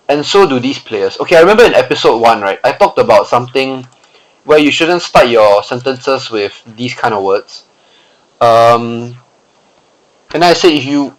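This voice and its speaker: A young man reads a story aloud and stops to pick apart its writing. His voice sits at a middling pitch, and he talks in a loose, chatty way, often repeating and restarting his words mid-sentence. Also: low-quality recording. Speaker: writing critic. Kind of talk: casual commentary reading a story aloud.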